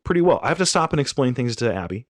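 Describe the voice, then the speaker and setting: A man in his thirties chatting on a podcast, telling an animated, rambling story and correcting himself as he goes. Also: mid-range voice, rapid-fire, dry recording, clean studio sound. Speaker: podcast co-host. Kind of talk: casual chat.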